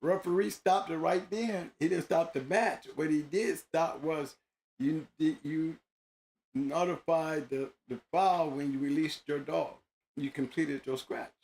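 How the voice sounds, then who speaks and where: A man's voice: a little high, steady tone, a little slow, a little mellow. A man hosting a show, talking casually in an emphatic, slangy way, often repeating himself. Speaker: host. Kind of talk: casual monologue.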